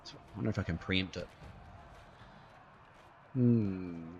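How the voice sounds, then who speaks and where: A man's voice: low-pitched, slow pace, a little mellow, muffled recording, a little hiss or hum. A man giving casual live commentary over his own gameplay, chatty and playful, tossing in sound effects and running remarks. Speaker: gaming YouTuber.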